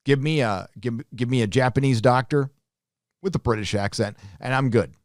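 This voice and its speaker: A man's voice: mid-range voice, moderate pace, no echo, clean studio sound. A man hosting a live stream, reading viewer donations aloud and answering them with joking, profane, rambling asides. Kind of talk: casual live-stream chat.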